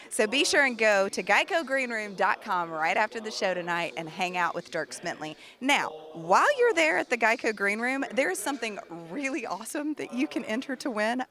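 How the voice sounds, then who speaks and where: A woman's voice: fairly high pitch, fairly bright tone. Woman, from Tennessee, bubbly live radio host, gushing. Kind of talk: live broadcast hosting.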